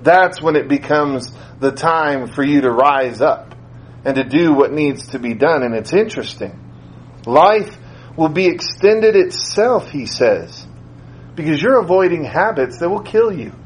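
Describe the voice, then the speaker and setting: A man's voice: a little high, animated, unhurried, a little hiss or hum, poor audio. A man preaching a sermon in a conversational way, repeating phrases for emphasis. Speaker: school teacher.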